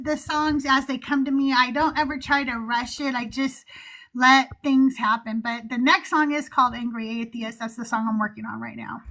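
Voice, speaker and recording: Bright high-voiced woman, blunt and heated. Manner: blunt, profane, heated and animated. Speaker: podcast co-host and musician. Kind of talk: casual panel chat.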